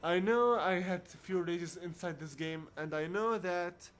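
A man giving casual commentary on a video game playthrough, talking haltingly with many restarts and searching for words. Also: sits high, a bit bright. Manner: reads on-screen dialogue aloud in his own voice. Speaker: video game let's player.

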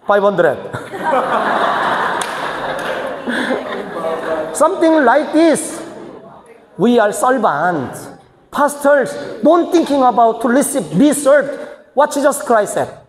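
A man's voice: high voice, expressive, slow pace, long pauses. A man, a senior pastor, teaching church leaders in choppy, emphatic phrasing that rises into bursts. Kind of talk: teaching seminar sermon. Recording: echoey hall reverb.

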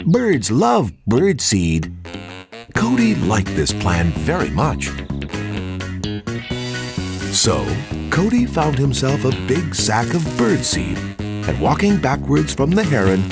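A man narrating a children's storybook in an expressive, sing-song read-aloud manner. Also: mid-range voice, slow, vocal fry. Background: music.

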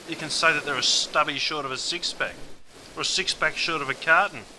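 An Australian man in comic scripted narration, matey and over-the-top with his slang. His voice sits slightly high, and a clear noise runs under the recording. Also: brisk, pushed and bright.

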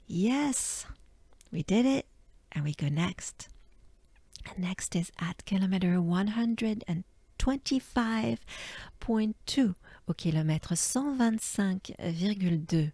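Slow, breathy French woman teaching pronunciation. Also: mid-range voice, warm tone, dry recording. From France. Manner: drills words slowly with frequent breathy whispered demonstrations.

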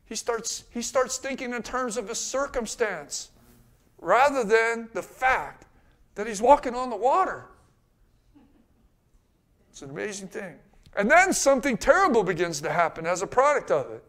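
A man with a high voice delivers a church sermon. He keeps asking his listeners questions and answering them himself. He drops to a hush, then climbs to loud, urgent calls. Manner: rhetorical questions, swings from soft to loud. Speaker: pastor.

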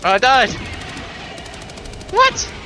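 A man's voice: very high voice, wildly swooping pitch, extremely slow, a little hiss or hum. A man playing a co-op game with friends, easygoing and swearing. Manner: easygoing, swears, laughs at his own deaths. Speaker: co-op player. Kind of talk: casual co-op gameplay chat. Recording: loud game music underneath.

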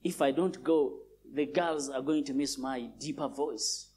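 A preacher mimicking a bragging young churchgoer. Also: male voice, steady tone, unhurried, slight background noise, close to an everyday voice. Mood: boastful. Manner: bragging, lower and quieter than his preaching. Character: boastful self-important young churchgoer, male.

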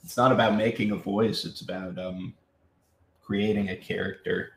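A man's voice: on the low side, fairly even intonation, moderate pace, gravelly. A young adult man, a voice actor, chatting casually in a live Q&A while signing autographs. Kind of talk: casual live-stream Q&A chat. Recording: roomy echo.

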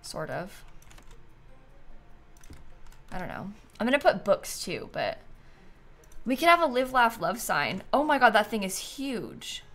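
A woman's voice: medium pitch, sing-song, a little slow, pauses often, a bit bright. A woman streaming a game, chatting casually and musing aloud as she decorates, talking to her chat and sleepy enough to keep yawning. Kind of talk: casual livestream commentary while playing.

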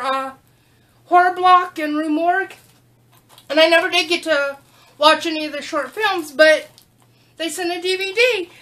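Woman, very high voice, slow unhurried delivery, chatty unboxing vlog. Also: a bit bright. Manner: chatty, talks baby-talk to her dog. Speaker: unboxing vlogger. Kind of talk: casual unboxing chat.

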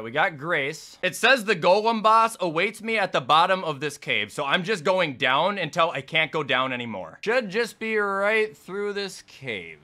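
A young man commenting on his own gameplay, swinging between shouted cursing outbursts and low muttered asides. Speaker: gaming YouTuber.

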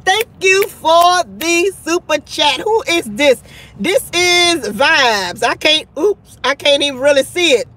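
Woman host, high voice, gossipy, animated. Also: slow pace. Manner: animated, gossipy, full of "child" and "honey". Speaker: live-stream host. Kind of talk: casual live-stream chat.

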